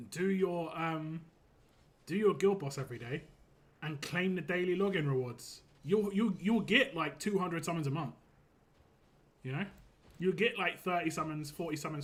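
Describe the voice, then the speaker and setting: A young man chatting casually and rambling while he streams a mobile game, laughing easily as he talks. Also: fairly high pitch. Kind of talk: casual live-stream chat.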